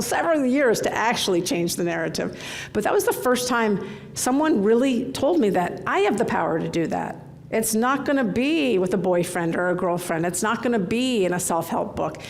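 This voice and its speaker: Keynote speaker, middle-aged woman, gravelly mid-pitched voice, candid and animated storyteller. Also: a little hiss or hum. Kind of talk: conference keynote talk. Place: large conference hall.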